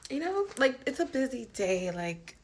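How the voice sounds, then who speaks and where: A woman chatting casually in a vlog, low-key and musing aloud to herself. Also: big pitch swings, moderate pace, heavy background noise. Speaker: vlogger.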